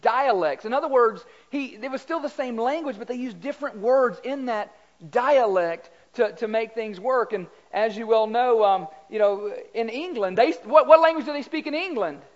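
A man's voice: very high-pitched, moderate pace. A man with a Southern US accent preaching a conversational sermon in a church, chatty and folksy, quizzing the congregation and repeating words. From Southern United States. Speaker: pastor. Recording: slightly dull lo-fi sound.

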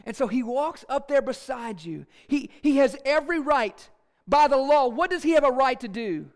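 A man preaching a sermon in an animated, playful storytelling way with asides. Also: very high-pitched, normal speed. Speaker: pastor.

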